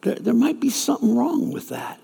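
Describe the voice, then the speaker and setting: A man's voice: very high voice, lively intonation, brisk, vocal fry, warm tone, husky. A man preaching a sermon, telling a story and acting out the characters' lines in raised voices. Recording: long reverb of a large hall.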